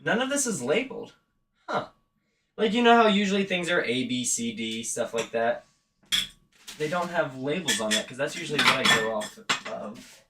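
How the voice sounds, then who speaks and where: A man's voice: mid-range voice, sing-song, normal speed, sharp tone, slight background noise. A man chatting casually and rambling a bit about haunt acting while setting up an animatronic indoors. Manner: rambling, self-aware. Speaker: vlogger and haunt actor. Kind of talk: casual chat.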